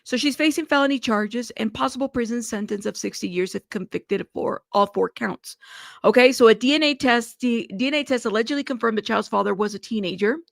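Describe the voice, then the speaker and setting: A woman's voice: on the high side, a little fast, creaky, no room sound, studio quality. A woman hosting a true crime news livestream, outspoken and indignant, speaking straight to her viewers and cursing freely. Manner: outspoken and indignant, cusses, talks to her chat directly. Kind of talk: livestream commentary on a news case.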